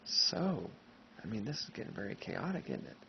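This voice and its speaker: A male history teacher lectures in a casual, conversational way and keeps checking in with his class. His voice sits low, with a gravelly fry. The recording is dull and lo-fi, with a faint hum behind it. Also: sing-song, moderate pace.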